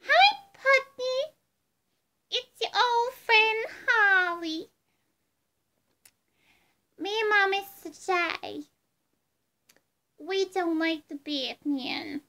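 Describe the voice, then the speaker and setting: A woman doing an impression of a zany young female villain sidekick, giddy and threatening, in a squeaky sing-song taunting voice. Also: lively intonation, drawn-out words, long pauses, pushed and bright, exaggerated voice. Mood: teasing.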